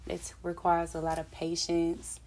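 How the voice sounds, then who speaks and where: A woman's voice: on the low side, monotone, a little slow, darkish tone, low-quality recording. Profane, playful woman co-host. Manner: loose, profane and playful, drawling fillers. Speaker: podcast co-host. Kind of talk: casual chat.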